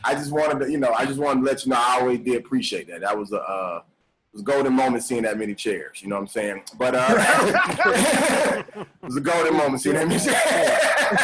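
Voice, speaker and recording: A man in the middle of his range hosts a relaxed podcast chat over a live stream. He talks in a laid-back way, circling back over his words with fillers and restarts. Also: medium pitch, moderate pace, a little hiss or hum, low-quality recording. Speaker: podcast host. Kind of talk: casual chat. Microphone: live stream call.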